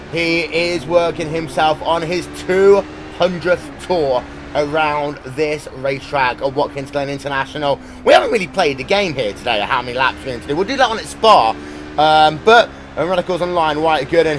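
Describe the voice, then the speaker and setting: Man, race commentator, playful, brisk play-by-play, headset mic, light background hiss. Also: fairly high pitch. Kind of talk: live sim racing commentary.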